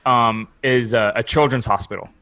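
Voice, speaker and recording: A man from Houston, Texas, spins a long story as a podcast guest, rambling and swearing freely with "like" in nearly every phrase. His voice sits at an ordinary middle pitch, and he slips into the voices of the people he quotes. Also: steady tone, normal speed, pushed and bright. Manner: rambling, profane, heavy use of "like"; acts out quoted dialogue. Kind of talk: casual storytelling chat.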